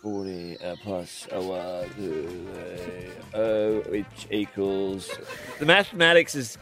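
A man's voice: sits low, takes it slowly, music in the background. A man co-hosting radio, teasing the others and laughing easily. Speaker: radio co-host. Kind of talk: casual radio banter.

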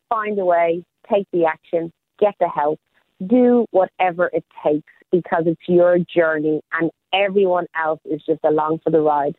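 A woman's voice: on the low side, no echo. A woman life coach talking casually on the radio, upbeat and motivational. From Australia. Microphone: phone call. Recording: phone line.

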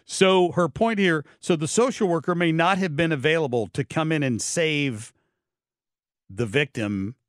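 A man's voice: fairly high pitch, unhurried, no echo. A man hosts an opinionated talk radio show from a dry, close studio mic. He sounds blunt and sardonic and stumbles through fillers and restarts as he comments on the news. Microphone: studio microphone.

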